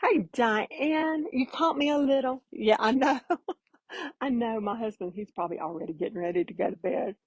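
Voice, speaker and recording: A woman's voice: fairly high pitch, moderate pace, a little mellow, breathy edge, no echo, dull audio. A woman giving a casual live painting demo, chatty and folksy, greeting viewers by name as she works. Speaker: painting instructor.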